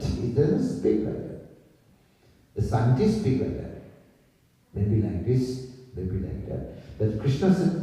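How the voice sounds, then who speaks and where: A man's voice: mid-range voice, big pitch swings, slow, pauses often, warm tone. A man giving a scripture class as a visiting monk, chuckling often and putting questions to his listeners, recorded in a temple hall. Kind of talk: sermon. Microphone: distant camera microphone. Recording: echoey hall recorded from far off.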